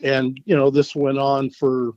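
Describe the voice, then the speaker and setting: A middle-aged man talks in a plain, hesitant way, full of "you know" and small restarts. His pitch is mid-range. The sound is dry and somewhat dull, with no echo. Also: monotone, measured pace, a little mellow. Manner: plain-spoken and hesitant, with many fillers. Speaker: guest, the husband. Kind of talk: candid interview answers.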